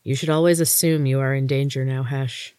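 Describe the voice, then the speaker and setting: A man reading a storybook, voicing an urgent, protective grown woman guardian in an earnest, quickened tone. The voice stays close to his own. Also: medium pitch, steady tone, a little mellow, clean tone, dry recording, lightly acted.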